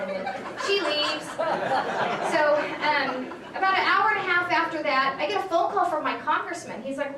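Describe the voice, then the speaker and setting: A tired woman politician from California tells a story to a crowd at a meeting and playfully acts out every line of the dialogue. Her speaking voice sits somewhat high. The recording is distant and echoey, with faint room noise. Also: brisk. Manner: animated storyteller acting out dialogue. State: tired from lack of sleep. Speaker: state assembly member speaking to a political group. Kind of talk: casual storytelling speech. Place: meeting hall with an audience.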